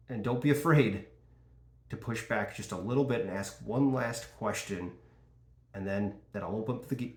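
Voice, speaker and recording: Male sales coach, casual and animated, acts out call dialogue, average pitch, echoey room. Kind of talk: sales training talk.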